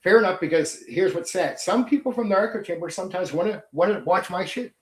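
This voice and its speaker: A fast-talking middle-aged host with a high voice speaks from an echoey room. His casual livestream turns into a blunt, swear-filled rant.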